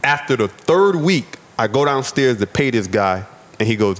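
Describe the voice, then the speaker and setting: His pitch swings widely and his delivery is brisk, set in a mid-range voice. The man, an American restaurant owner guesting on a podcast, earnestly relates his own experiences, repeating words frequently.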